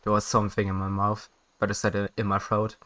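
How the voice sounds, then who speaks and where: This streamer, whose first language is German, talks quickly in a lowish, slightly bright voice with a completely flat delivery. He chats casually with his viewers while playing, reads game dialogue out loud, and frequently laughs and corrects himself.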